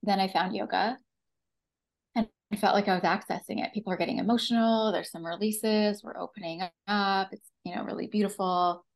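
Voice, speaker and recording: A woman's voice: mid-range voice, fairly even intonation, brisk, vocal fry, poor audio. A woman with a Canadian accent, a breathwork facilitator telling her personal story as a podcast guest, acting out her own past words.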